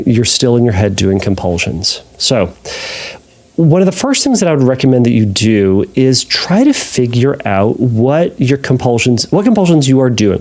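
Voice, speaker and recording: A man's voice: medium pitch, darkish tone. Man therapist answering a listener. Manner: conversational, restarts and sarcastic asides. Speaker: podcast host and ERP therapist.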